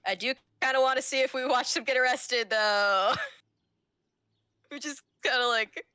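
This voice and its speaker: A woman's voice: high voice, normal speed, bright, forceful tone, clear, resonant tone, dry recording, studio quality. A woman playing a tabletop game, chatting casually with giggly reactions. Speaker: player.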